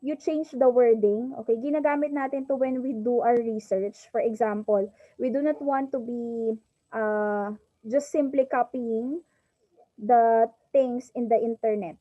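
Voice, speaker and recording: A woman's voice: on the high side, fairly even intonation, unhurried, no room sound. A woman teacher with a Filipino accent giving a lesson, mixing English and Filipino and saying "okay" often. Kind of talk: online class lesson. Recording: dull, dry lo-fi mic.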